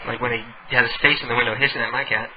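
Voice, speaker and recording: A man's voice: medium pitch, steady tone, rapid-fire, highs cut off, background noise. A man hosting a radio call-in show from home, chatting casually and laughing often.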